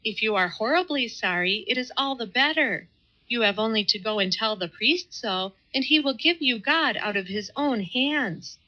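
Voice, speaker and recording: A woman's voice: medium pitch, animated, normal speed, bright, forceful tone. A woman reading an audiobook, voicing a simple, devout young village woman who talks earnestly and pleadingly. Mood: eager. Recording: slightly muffled audio.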